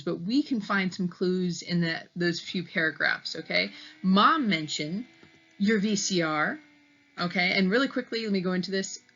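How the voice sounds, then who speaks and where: Reading a story to children, a woman teacher speaks in a fairly low, fairly bright voice, pausing after each point to ask "okay?" as she patiently explains. The audio is slightly muffled.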